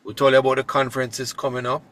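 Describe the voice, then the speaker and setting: A man co-hosting a community call, his voice bright and forceful. He speaks with enthusiasm and heaps praise on the guest. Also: mid-range voice, level tone, fast. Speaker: co-host.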